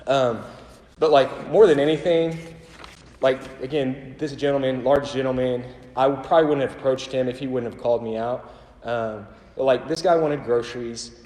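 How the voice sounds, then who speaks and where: A man's voice: mid-range voice, darkish tone. Man, church talk, casual storytelling, self-deprecating, lots of fillers, roomy echoey hall. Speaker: church ministry worker. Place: church auditorium. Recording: echoey hall with long reverb.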